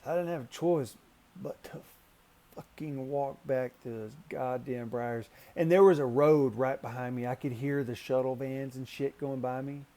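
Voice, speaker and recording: A man telling a story casually and animatedly, swearing freely, his voice jumping up when he gets worked up. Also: moderate pace. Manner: profane, animated, pitch jumps when excited. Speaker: storyteller recounting a canoe trip.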